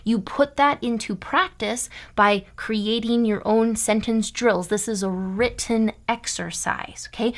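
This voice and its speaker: A young American woman from Iowa teaching a German lesson online, emphatic and often checking in with "okay?" and "right?". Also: a little high. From United States (Iowa).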